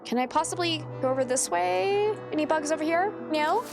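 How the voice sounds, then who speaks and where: A woman livestreaming a game and chatting casually, with growing exasperation and some casual swearing. Her voice is high and very lively, swooping up and down as she talks. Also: a little fast, gravelly, over music. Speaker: streamer. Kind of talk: casual gameplay commentary.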